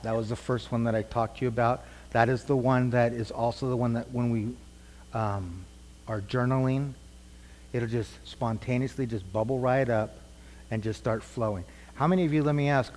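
A man's voice: mid-range voice, darkish tone, a little hiss or hum. A middle-aged man teaching a church group conversationally, asking questions and repeating their answers. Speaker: preacher teaching a class. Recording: long hall reverb.

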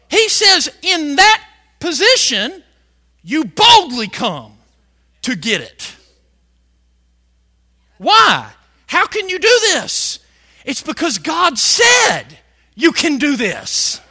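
A male preacher delivering a fiery sermon, shouting some lines and stretching words out slowly for emphasis. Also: very high-pitched, wildly swooping pitch. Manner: fiery, shouting emphasis with big swings in loudness.

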